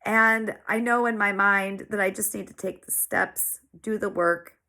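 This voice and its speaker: A woman in her forties shares her story in an earnest, heartfelt monologue. She sounds teary-eyed and sniffly, leaning on repeated phrases for emphasis. Her voice sits at an ordinary middle pitch. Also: steady tone, unhurried, bright, forceful tone. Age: 40s. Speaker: small business owner sharing her story.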